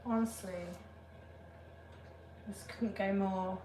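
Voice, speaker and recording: In an echoey room with faint ambience and slight background noise, a woman chats casually on a live stream from home, speaking up to a phone on a shelf. She's flustered and laughs at her technical mishaps, yet her mid-range voice stays slow and dark-toned, with little pitch movement.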